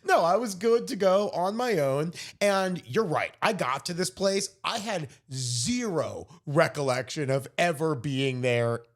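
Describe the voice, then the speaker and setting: Animated man telling a story, swearing. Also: fairly high pitch, unhurried, hardly any pauses. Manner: animated, swearing, acts out quoted voices. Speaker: podcast co-host. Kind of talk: casual storytelling chat.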